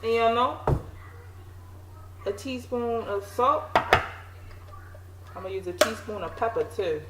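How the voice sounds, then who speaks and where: Slowly and in a fairly high voice, a home cooking vlogger from Maryland makes relaxed, jokey, self-deprecating chat to camera while she cooks. The echo of her home kitchen comes through, along with a steady hum of background noise.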